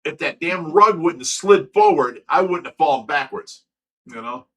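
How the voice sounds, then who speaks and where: A middle-aged man from Ohio, USA hosts a casual livestream, telling animated stories full of laughter. His voice is fairly high and his pace moderate.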